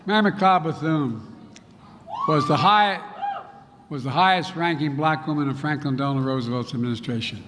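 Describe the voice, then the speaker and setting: A man in his eighties from Pennsylvania, giving an impassioned political speech at a conference and swinging between quiet stretches and loud emphatic bursts. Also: on the high side, moderate pace, a little hiss or hum. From Pennsylvania, United States. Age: 80s. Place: large conference hall. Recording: echoey hall with faint ambience.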